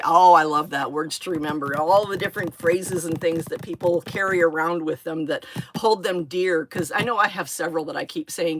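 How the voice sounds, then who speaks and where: Gushing woman crafter, excited exclamations. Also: fairly low pitch, slight background noise. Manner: gushing, rambling, lots of gasps and exclamations. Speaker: craft channel host. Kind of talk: live-stream unboxing chat.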